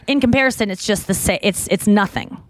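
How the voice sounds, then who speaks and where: A woman's voice: medium pitch, a little fast, dry recording. A woman hosting a podcast, chatting casually and rambling with lots of fillers and restarts. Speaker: podcast host. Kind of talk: casual chat.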